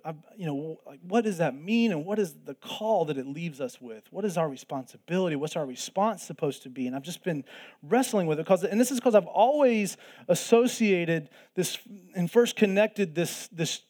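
A man's voice: a little high, expressive, normal speed, a little mellow. A man preaching a sermon in an earnest way, repeating phrases for emphasis. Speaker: pastor.

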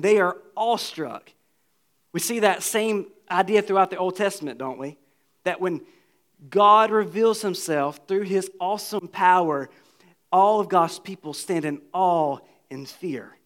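A man with a high, light voice preaches a sermon from the pulpit. He is earnest and reads scripture aloud, and he often sinks to a low, quiet tone to stress a point. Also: unhurried. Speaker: pastor.

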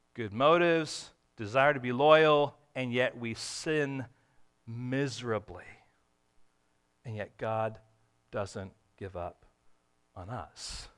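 Swaying from loud, emphatic outbursts to soft, tender moments, a pastor delivers his sermon in a mid-range voice. He performs quoted dialogue with a folksy, conversational touch.

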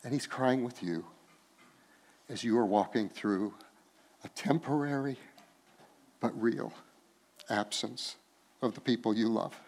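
Here a man delivers a sermon as pastor, his mid-range voice dropping low and slow for tender stretches, then rising into laughing, forceful bursts.

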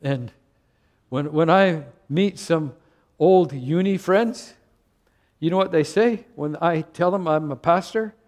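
An older male pastor from Canada delivers a sermon in a slightly high, unhurried voice. He preaches with earnest emphasis and often stumbles into quick restarts. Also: a little mellow.

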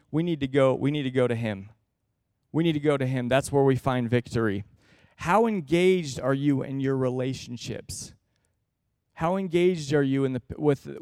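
A man's voice: fairly high pitch, darkish tone, smooth, no echo, studio quality. A man in his thirties preaching a sermon in an earnest, conversational way, acting out everyday exchanges.

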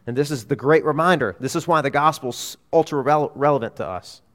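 A man preaching a sermon as a pastor, earnest, swelling to emphatic peaks and dropping low. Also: brisk, fairly bright tone. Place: church sanctuary. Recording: long reverb of a hall.

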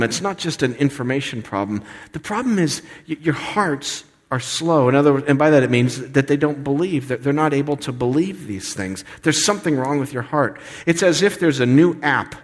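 A man in his forties preaching a sermon in a conversational, animated way. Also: medium pitch, moderate pace, long reverb tail. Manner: conversational, animated, acts out voices. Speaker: pastor.

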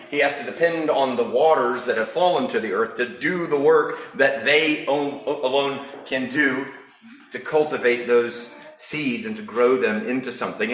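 Conversational pastor in an echoey church. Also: male voice, medium pitch, moderate pace, fairly bright tone. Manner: conversational, storytelling. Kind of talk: sermon.

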